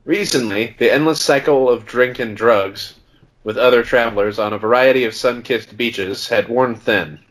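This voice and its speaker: A man's voice: mid-range voice, normal speed. A man reads a story aloud on a casual podcast, tossing in joking asides as he goes. His delivery is loose and conversational. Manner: adds joking asides while reading. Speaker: podcast co-host.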